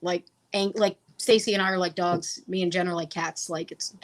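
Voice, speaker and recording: A woman's voice: fairly low pitch, steady tone, moderate pace. A woman tattoo artist chatting as a guest in a casual interview, bubbly and talkative, acting out what her clients say.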